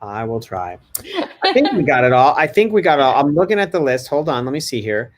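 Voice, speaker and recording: A man chatting casually as host of a parenting podcast. He tells stories in an animated way and speeds up in quick bursts. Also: medium pitch, slight background noise.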